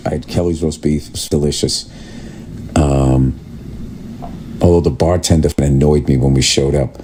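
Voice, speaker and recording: A man's voice: extremely low pitch, fairly even intonation, measured pace, dark tone, a little hiss or hum. Guy comedian ranting, swears a lot, exasperated storytelling. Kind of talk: podcast storytelling rant.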